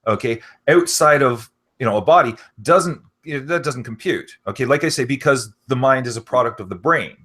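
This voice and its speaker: A man's voice: mid-range voice, a little fast, few pauses, a bit bright, slightly rough. A man talking in a rambling casual conversation, full of fillers like "you know" and "okay".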